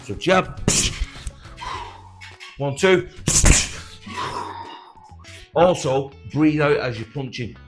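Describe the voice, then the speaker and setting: A man's voice: fairly high pitch, animated, extremely slow, pauses often, music in the background. A man coaching beginner boxers, giving direct, encouraging instructions while demonstrating. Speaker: boxing coach.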